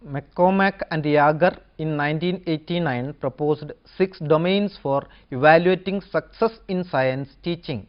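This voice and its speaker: A woman giving an educational lecture, going through numbered points in a measured way. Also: lowish voice, highs cut off. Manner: measured, listing points one by one.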